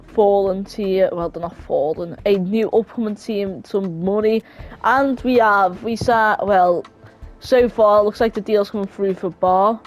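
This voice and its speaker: A woman's voice: medium pitch, a little mellow. A woman casually commentating on her football management game, rambling and self-mocking. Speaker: gamer.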